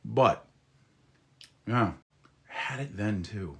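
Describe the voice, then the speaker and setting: A man talking to his live audience in a casual, flirty way, all soft murmurs and teasing asides. His voice sits very low, and he takes his time, letting each word linger. He is still getting over a head cold. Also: lively intonation, a little slow, pauses often. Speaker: voice actor chatting live with viewers. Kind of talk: casual live-stream chat.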